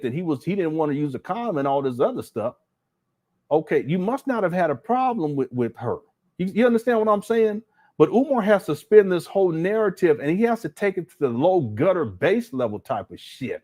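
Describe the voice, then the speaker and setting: Livestream host, a man; animated commentary, voice leaning high with wide pitch swings. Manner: animated, incredulous, talks to chat, frequent fillers. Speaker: livestream host reading super chats.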